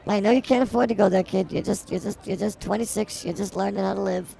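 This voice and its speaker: A woman's voice: mid-range voice, quick pace, creaky, warm tone. A woman co-hosting a comedy podcast, teasing and rambling through improvised banter. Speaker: podcast co-host.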